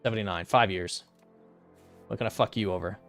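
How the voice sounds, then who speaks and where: A man's voice: fairly low pitch, steady tone, brisk, fairly bright tone, faint music behind. A young man streaming a strategy game, casually thinking aloud through his moves and muttering calculations, now and then flaring into exasperated rants. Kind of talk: casual gameplay commentary.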